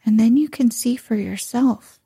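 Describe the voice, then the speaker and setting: A woman voicing a gentle, wistful grown woman, in a soft, hushed bedtime-story reading. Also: a little high, a little slow, gravelly, slightly rough, no echo, studio quality, exaggerated voice.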